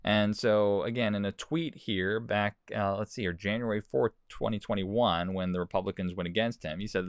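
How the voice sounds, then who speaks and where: A man's voice: on the low side, fairly even intonation, normal speed, few pauses, clean tone, no echo, clean studio sound. A man hosting a talk show, giving casual commentary and reading quotes aloud, often repeating words. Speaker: host. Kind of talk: commentary on news and social posts.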